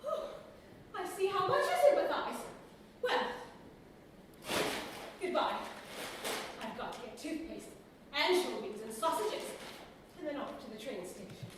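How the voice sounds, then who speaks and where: A harried middle-aged husband played by a woman with a high voice rants and moans about his miserable life in a stage comedy. The delivery is theatrical and swings between loud and soft. It is heard from far off on an echoey stage with faint noise. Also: wildly swooping pitch, a little slow, pauses often, exaggerated voice. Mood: glum.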